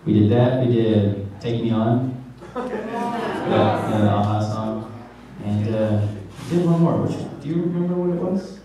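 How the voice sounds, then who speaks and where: A man's voice: medium pitch, very animated, measured pace, distant mic, a crowd in the background. A male voice actor at a convention panel Q&A, telling rambling stories and making fun of himself. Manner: joking, self-mocking, rambling storyteller. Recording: echoey hall, mic heard from afar, noisy.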